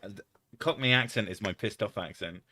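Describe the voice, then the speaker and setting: English guy streaming, low voice but sharp bright tone, swears a lot and rambles. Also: fairly quick. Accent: southern English. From England. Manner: swears freely, laughs often, rambling. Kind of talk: casual livestream chat.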